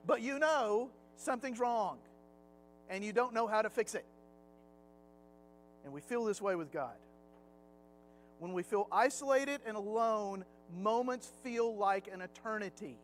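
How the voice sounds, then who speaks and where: A middle-aged man with a notably high voice leads a relaxed Sunday Bible lesson in a church classroom. He talks in a chatty, anecdotal way, and a faint hum of music sits under his voice. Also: a little slow, pauses often, rough recording. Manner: chatty, anecdotal, slips into acted quotes.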